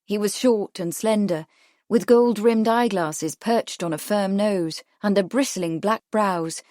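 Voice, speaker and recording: A woman's voice: mid-range voice, dry recording, clean studio sound. A woman reading a period mystery novel as an audiobook narrator. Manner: steady storytelling reading. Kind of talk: scripted narration.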